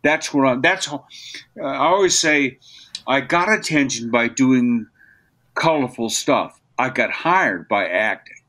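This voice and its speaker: An older man, a voice actor, telling stories as a podcast guest, lively and given to slipping into character voices. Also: medium pitch, measured pace. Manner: animated storyteller, slips into character voices. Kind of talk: interview conversation.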